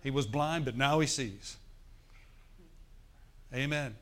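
A man's voice: mid-range voice, takes it slowly. Man, pastor, preaching, storytelling sermon, congregation asides. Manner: preaching with call-and-response asides; animated storytelling, acts out forced laughter.

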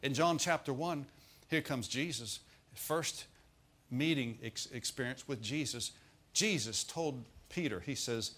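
A man's voice: medium pitch, slow pace, fairly bright tone. A man preaching a sermon in a folksy, humorous way, with asides to the congregation.

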